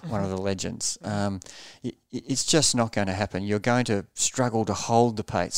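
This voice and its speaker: A man's voice: fairly low pitch, vocal fry, clean tone, no room sound, studio quality. A man coaching triathletes in a podcast interview, explaining pace earnestly and repeating words as he thinks.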